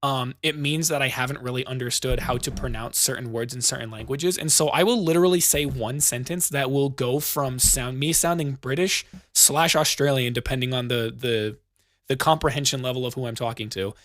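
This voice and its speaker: A man's voice: mid-range voice, brisk, fairly bright tone. A young American man hosting a casual chat, rambling and swearing freely. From United States. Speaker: podcast host.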